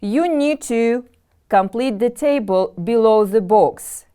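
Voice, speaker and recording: A woman from Kyrgyzstan teaching a televised English vocabulary lesson, speaking slowly and carefully and repeating each word for her pupils. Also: smooth. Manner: slow, careful, lively pitch, repeating words for pupils.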